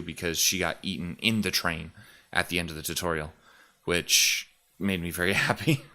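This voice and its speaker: A deep, clear, resonant voice with a sharp tone belongs to this YouTuber and streamer. Talking casually into a desk mic at home, he rambles with lots of fillers and restarts, a touch out of breath and sniffly.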